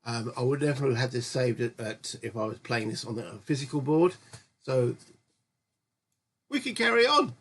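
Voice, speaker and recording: A man's voice: mid-range voice, expressive, moderate pace, pauses often, fairly bright tone, slightly rough. A man hosting his own gaming channel, chatting through a solo board game session in a rambling way and often correcting himself. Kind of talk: casual solo board game let's-play commentary.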